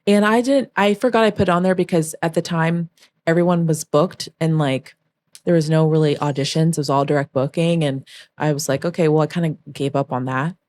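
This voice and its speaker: A woman's voice: low voice, fairly quick. A young woman, a former backup dancer, telling an emotional story as a podcast guest and acting out the voices of the people in it. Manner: emotional, animated storytelling, acts out quoted voices.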